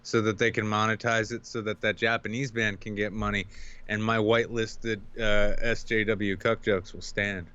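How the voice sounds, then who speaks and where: A man's voice: fairly low pitch, level tone, moderate pace, pushed and bright, clear, resonant tone. Joking male co-host, lo-fi sound. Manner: joking, rambling. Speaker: podcast co-host. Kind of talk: casual chat.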